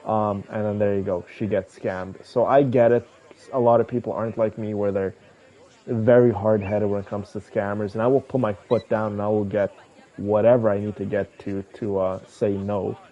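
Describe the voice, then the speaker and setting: A man streaming a game, chatting casually and rambling to his viewers in a relaxed way. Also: lowish voice, highs cut off. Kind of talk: casual chat with viewers while gaming.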